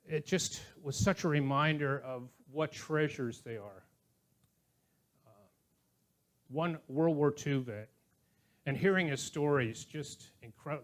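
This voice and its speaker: Older male pastor, chatty sermon. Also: on the high side. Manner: conversational, anecdotal, with chuckling asides. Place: church.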